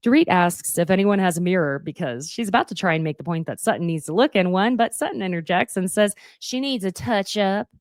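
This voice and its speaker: A woman recaps a reality show with sassy, chatty asides to her listeners and acts out bits of what the cast said. Her voice sits fairly low, yet it swings widely up and down as she talks. The recording is close and dry, with no room sound. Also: expressive, brisk, few pauses, no room sound. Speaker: podcast recap host.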